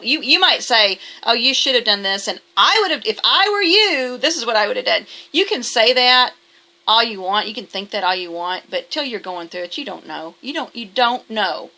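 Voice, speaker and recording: A woman's voice: mid-range voice, vocal fry, pushed and bright. A woman talking casually to camera in a vlog, emphatic and defensive, rambling with restarts. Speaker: vlogger.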